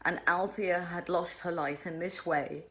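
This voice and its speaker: A woman in her sixties, hosting from home, tells a personal story in a halting, emotional way. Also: on the low side, steady tone, pushed and bright. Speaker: host. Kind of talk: answering a fan question at home.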